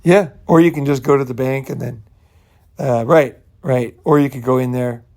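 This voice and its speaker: A man with a gravelly, fry-heavy voice at an ordinary middle pitch talks in a casual, meandering monologue. He speaks bluntly and swears now and then. He keeps checking in with "you know" and "right". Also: steady tone, normal speed, dark tone. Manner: loose, repetitive, peppered with "you know" and "right"; blunt, profane. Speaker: channel host.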